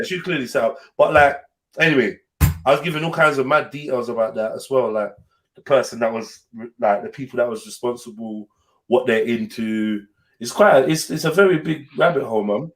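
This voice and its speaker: A man's voice: medium pitch, a little fast. A young man, telling a personal story in casual podcast chat, swearing freely and acting out the voices of the people in it. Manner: animated, swears freely, acts out voices in his stories. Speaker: podcast host.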